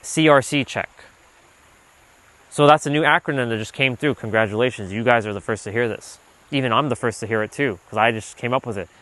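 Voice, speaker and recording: Out on a walk, a man hosts a livestream as a self-improvement speaker, holding a gimbal rig as he talks. His medium-pitched voice moves at a brisk clip, loose and casual, packed with "like," and a swear slips out now and then when he gets animated.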